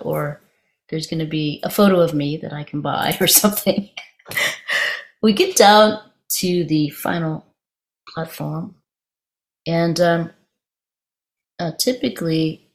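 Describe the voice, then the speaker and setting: A woman giving an informal meditation talk, telling a story in a halting, conversational way with frequent restarts. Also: sits low. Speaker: meditation teacher.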